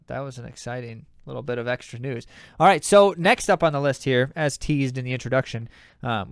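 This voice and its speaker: A man's voice: medium pitch, smooth, no room sound, studio quality. A man hosting a podcast, giving emphatic, opinionated commentary on the news with many fillers. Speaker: podcast host.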